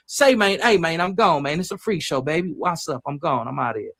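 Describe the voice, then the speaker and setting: A man hosting a music reaction livestream, reading viewer comments in slangy casual chat and sometimes breaking into loud, excited rants. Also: a little high, brisk, vocal fry, few pauses, no room sound. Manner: slangy, repetitive, shouts at times.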